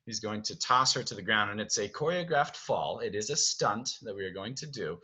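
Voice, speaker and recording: A man's voice: on the low side, lively intonation, moderate pace, pushed and bright, husky, poor audio. A man directing actors from home, explaining stage blocking in a chatty way, often checking in with "okay?". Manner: chatty, keeps checking with "okay?", sings music cues. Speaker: theater director.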